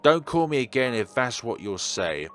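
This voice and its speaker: A man's voice: mid-range voice, very animated, moderate pace, faint music behind. A man voicing a cold, contemptuous mother in a horror game. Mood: scornful. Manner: contemptuous, sharp.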